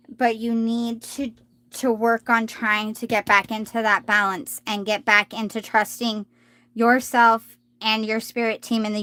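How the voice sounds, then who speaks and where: A woman doing a live tarot reading, talking gently and reassuringly, often restarting her sentences. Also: a little high, dry recording. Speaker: tarot reader.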